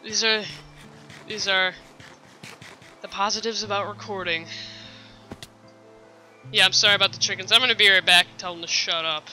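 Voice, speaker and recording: A gamer recording a let's play at home, complaining and often clearing a thick-sounding throat. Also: medium pitch, fairly even intonation, normal speed, pauses often, bright, forceful tone, faint music behind, poor audio. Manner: easily frustrated, complaining aloud. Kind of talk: casual game commentary.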